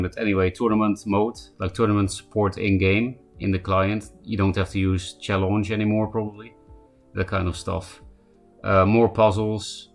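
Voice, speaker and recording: Guy streaming, kinda low voice, rambly, um uh a lot, quiet music in the back. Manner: rambling, thinking aloud with fillers. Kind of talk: casual live-stream commentary.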